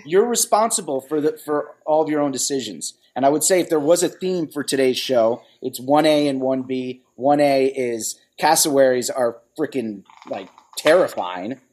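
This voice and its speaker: Male co-host, husky voice, playful teasing banter. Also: mid-range voice, lively intonation, normal speed, hardly any pauses, darkish tone. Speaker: podcast co-host. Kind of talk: casual chat.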